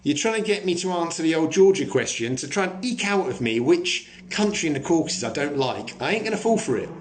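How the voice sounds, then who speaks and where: A man's voice: a little high, expressive, a little fast, a little hiss or hum. A man hosting a live stream, chatting casually, joking and swearing as he answers viewer comments.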